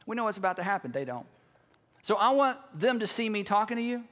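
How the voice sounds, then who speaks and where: A man preaching, voicing a calm, confiding man who talks quietly and knowingly to God in a sermon retelling. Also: high-pitched, fast.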